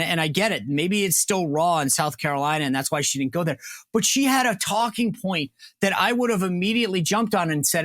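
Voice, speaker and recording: High-pitched, animated male talk host. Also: no echo, clean studio sound. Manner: animated, acts out imagined retorts; drawn-out, digressive phrasing with frequent restarts. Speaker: show host. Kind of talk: political talk show discussion.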